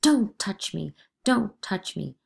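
A woman's voice: mid-range voice, slow, vocal fry, a little mellow, pitched above the performer's own voice. A woman reading a play aloud, voicing a frightened teenage girl accuser who sobs and pleads in panic. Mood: panicked. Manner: sobbing, breathless, pleading.

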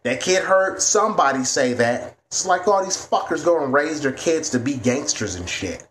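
A man's voice: fairly high pitch, animated, normal speed, fairly bright tone, a little hiss or hum. A man ranting to camera in a vlog, blunt and heavy on profanity. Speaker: vlogger.

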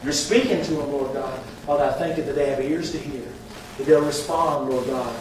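A male pastor preaching a sermon, swinging from loud, impassioned calls to hushed prayer. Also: medium pitch, steady tone, fairly quick, noisy background. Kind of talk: sermon with altar call and prayer. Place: large church sanctuary. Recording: very echoey hall, mic distant.

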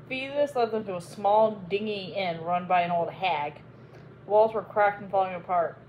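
A woman host reading a classic novel aloud chapter by chapter, in an expressive storybook style. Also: medium pitch, normal speed, a little hiss or hum, rough recording.

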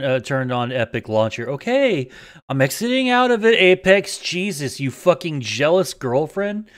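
A man streaming a game live, chatting casually, swearing often and snapping into sudden yells. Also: medium pitch. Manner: excitable, swearing, prone to sudden yelling outbursts. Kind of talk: casual live-stream chat while gaming.

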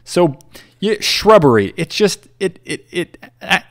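Young male gaming host, chatty and rambling, trips over words, animated pitch. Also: measured pace. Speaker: gaming YouTuber. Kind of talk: casual Minecraft build commentary.

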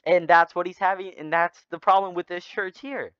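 A young man leading an informal Bible study, retelling stories in a rambling, animated way. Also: sits high, moderate pace, clean tone, no echo. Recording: slightly dull lo-fi sound.

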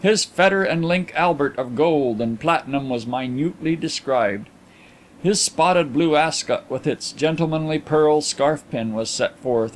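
Male audiobook narrator, fairly high voice, classic mystery read. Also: slight background noise. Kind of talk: scripted narration of a classic detective story.

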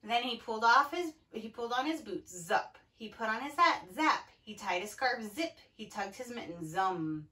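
A woman's voice: fairly high pitch, brisk, few pauses, bright, forceful tone, recorded from a distance, rough recording. A woman teacher reading a picture book aloud to young children, cheerful and encouraging. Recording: voice from away from the mic.

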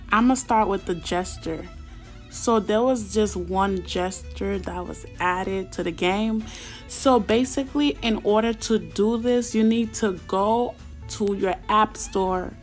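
Slangy, chatty young woman gamer. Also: medium pitch. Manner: slangy, chatty, bursts into excited squeals and shouts. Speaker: gaming YouTuber. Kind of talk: casual gameplay commentary.

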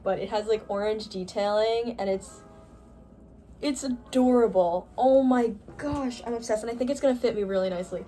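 Gushing excitable young woman vlogger. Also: on the high side, normal speed, faint music behind. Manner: gushing, excitable, gasping with delight. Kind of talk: unboxing haul vlog.

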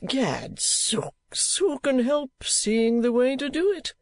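A man's voice: very animated, dry recording, full character voice. A man putting on a pompous theatrical actor. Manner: slow, deep, theatrical drawl. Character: pompous blustering male tragedian actor.

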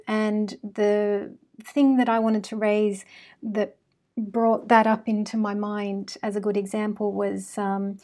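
A woman's voice: mid-range voice, a little mellow. A woman in her thirties from Australia, her accent mixed with British and American traces, hosting an astrology channel in a chatty, casual monologue with frequent fillers.

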